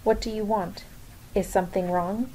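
A woman reading the lines of a calm, protective father facing soldiers. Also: medium pitch, moderate pace, a little hiss or hum, close to an everyday voice, rough recording. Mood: firm.

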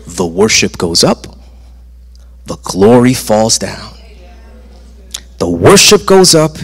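A man's voice: medium pitch, fairly bright tone, slightly rough. A man preaching a sermon in a church, with an emphatic delivery that rises and falls and repeats phrases for effect. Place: church sanctuary. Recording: long reverb of a large church hall.

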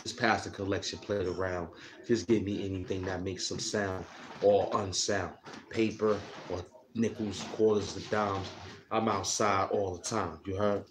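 A man hosting a casual outdoor live stream, boasting, rambling and slipping into freestyle rhymes. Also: lowish voice. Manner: boastful, rambling, slips into rhyming chants. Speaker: livestream host. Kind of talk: casual livestream banter and freestyle rap. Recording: echoey with faint outdoor noise.

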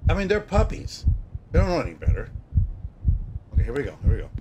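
Excitable man yelping over horror gameplay. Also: fairly high pitch, quick pace, background noise. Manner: excitable, yelps and shouts at the game, then mutters to himself. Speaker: gameplay streamer. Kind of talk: horror game commentary. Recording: music loud in the background.

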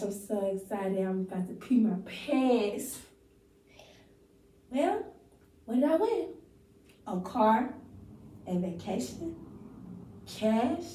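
A woman's voice: a little high, warm tone, far from the mic, slight background noise. A woman doing a giddy prize-winner in an echoey room. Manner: breathless, overexcited. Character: giddy young woman who thinks she won a prize. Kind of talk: rehearsed acting-class monologue.

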